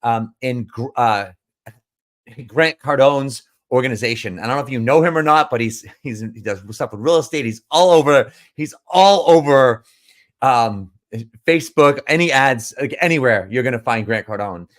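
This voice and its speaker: Brief: a man at a mid-range pitch, speaking as a business coach in a casual talk, rambling and emphatic with frequent restarts. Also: moderate pace, a bit bright. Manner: rambling, with many restarts and repeated words; emphatic and earnest. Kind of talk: casual storytelling monologue.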